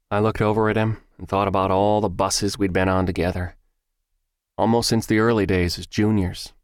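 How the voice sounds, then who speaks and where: Deep voiced guy reading an audiobook, first person, steady and even, super dry recording. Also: no room sound. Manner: measured, even storytelling. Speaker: narrator.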